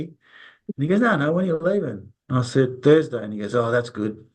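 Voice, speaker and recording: A man's voice: medium pitch, animated, fairly quick, darkish tone. A man in an interview, telling stories in a rambling, casual way, repeating words and acting out quoted dialogue. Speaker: interview guest, resilience consultant.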